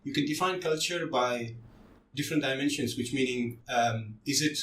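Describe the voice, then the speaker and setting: A man's voice: medium pitch, moderate pace, fairly bright tone, a little hiss or hum. Male podcast host in casual talk, hesitant and rambling, recorded in a roomy space with faint background ambience. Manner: rambling, many fillers and restarts. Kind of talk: casual chat. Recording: roomy, slightly distant mic, faint ambience.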